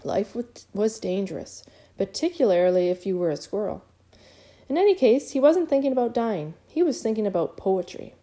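Mellow-voiced woman narrating an audiobook. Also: mid-range voice, moderate pace. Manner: lively and expressive, with occasional stumbles.

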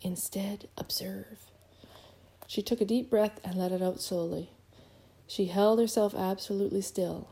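Mellow-voiced woman narrating an audiobook. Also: mid-range voice, moderate pace. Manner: lively and expressive, with occasional stumbles.

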